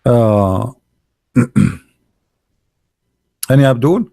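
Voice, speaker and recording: A man mocking his subject in a loose, sarcastic monologue. His delivery is halting and full of fillers, with sudden jumps up into laughter. The sound is dry, with no room around it. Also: medium pitch, expressive, vocal fry, dark tone, dry recording. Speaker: online religious debater. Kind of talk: casual monologue.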